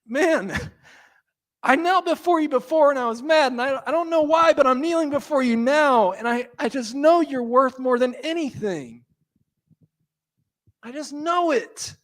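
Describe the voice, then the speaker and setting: A man preacher voicing Mary, an earnest, devoted young woman, speaking in halting, gushing bursts. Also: extremely high pitch, fairly bright tone, pitched above the performer's own voice. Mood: earnest, overwhelmed.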